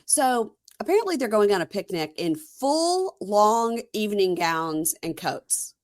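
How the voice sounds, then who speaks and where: A woman's voice: medium pitch, expressive, a little slow, dry recording, studio quality. A woman podcast host in casual chat, retelling scenes with quoted dialogue in a wry, exasperated way. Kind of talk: casual chat recapping a reality show.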